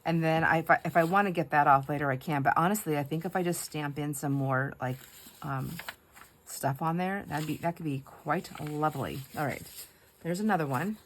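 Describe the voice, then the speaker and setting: Her low voice moves fairly quickly, and there's a little hiss or hum in the recording. A middle-aged US craft vlogger, she chats casually as she crafts, sprinkling her stories with laughter and asides to her audience.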